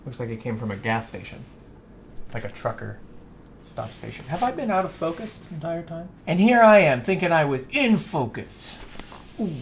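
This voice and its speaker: A man's voice: mid-range voice, creaky, a little hiss or hum. A young man rambling through a casual vlog at home, self-deprecating and swearing casually. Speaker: vlogger. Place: at home, doing laundry and in his bedroom.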